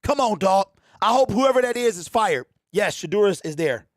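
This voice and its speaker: A man hosting a casual fan livestream, animated and slangy, talking straight to his chat. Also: high voice, fairly quick, no room sound, clean studio sound. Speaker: livestream host.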